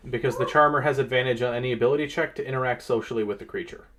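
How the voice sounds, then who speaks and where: A man's voice: medium pitch, very fast, a little hiss or hum. A man running a tabletop game as game master, explaining rules with lots of fillers. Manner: lively, explains rules at length with frequent fillers.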